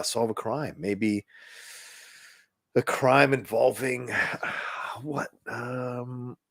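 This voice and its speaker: A man's voice: lowish voice, gravelly, fairly bright tone, no room sound, clean studio sound. A man co-hosting a podcast in casual chat, talking loosely, swearing now and then and trailing off in fillers. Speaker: podcast co-host.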